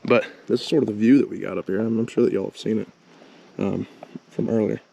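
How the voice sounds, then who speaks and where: Folksy Appalachian man with a gravelly voice. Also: fairly low pitch, steady tone, quick pace, dark tone, slight background noise. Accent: Appalachian Virginia. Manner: folksy, addresses viewers as y'all and boys; breathing hard while climbing and working. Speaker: hunting vlogger. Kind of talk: casual outdoor vlog. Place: outdoors in woods, up a tree. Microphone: head-mounted camera mic without windscreen.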